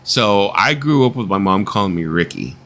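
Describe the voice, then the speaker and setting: A man's voice: fairly low pitch, lively intonation, moderate pace, fairly bright tone. A middle-aged man hosting a casual live-stream chat, swearing freely, laughing often and slipping into voices when he tells stories. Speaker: host.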